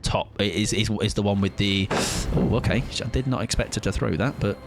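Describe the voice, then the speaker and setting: A young man streaming a game, chatting excitably and mocking himself as he plays. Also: on the low side, normal speed, background noise. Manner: chatty, excitable, self-mocking, swears casually. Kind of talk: live gameplay commentary. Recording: game music under the voice.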